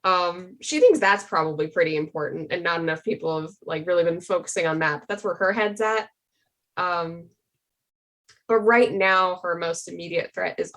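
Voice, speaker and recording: A woman's voice: fairly low pitch, normal speed, fairly bright tone. A woman player chatting casually on a live stream, rambling with many fillers. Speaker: tabletop game player.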